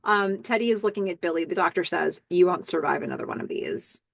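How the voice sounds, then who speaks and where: A woman's voice: on the low side, quick pace, gravelly, no echo. Chatty woman podcast host, dry and close. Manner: chatty, describes scenes step by step with fillers. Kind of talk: casual recap podcast narration.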